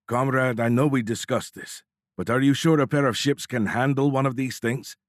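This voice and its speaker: A man's voice: medium pitch, steady tone, normal speed, no echo, clean studio sound, voice pushed up, lightly acted. A man voicing a tough Russian fighter-wing commander with a thick Russian accent and an ominous, formal manner. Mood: doubtful. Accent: Russian, put on.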